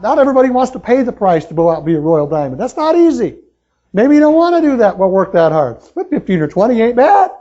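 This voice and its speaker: Excitable high-voiced man on a dull recording. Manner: excitable, pushy, talks straight to the crowd with questions. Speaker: motivational speaker at a sales meeting. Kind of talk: energetic live seminar talk.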